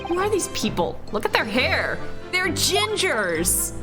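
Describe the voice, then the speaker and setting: A woman's voice: sits high, sing-song, unhurried. Woman streaming a game, joking and swearing, voice bouncing all over. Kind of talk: casual live game commentary. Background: game music.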